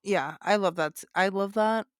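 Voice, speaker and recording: A woman with a smooth, clean voice, recorded close and dry with no room sound. She chats loosely on a podcast, trailing off into easy agreement. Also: mid-range voice, moderate pace, dry recording. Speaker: podcast co-host. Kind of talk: casual chat.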